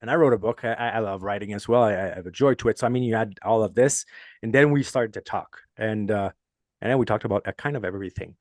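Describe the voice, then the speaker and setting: A man's voice: lowish voice, quick pace, no room sound, clean studio sound. A man with a French Canadian accent hosting a casual podcast chat, earnest and rambling, laughing often as he tells stories. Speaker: podcast host.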